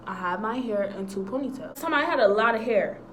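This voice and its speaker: A young woman telling a story from her school days in a casual, animated way, acting out what people said. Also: a little high, brisk, a little hiss or hum, poor audio. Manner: animated, acts out quotes, slangy. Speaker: storyteller vlogger.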